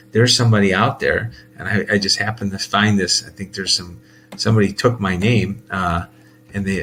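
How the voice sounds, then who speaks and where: A man's voice: low voice, a bit bright. A man talking casually in a rambling monologue, full of fillers, restarts and laughs. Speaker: host.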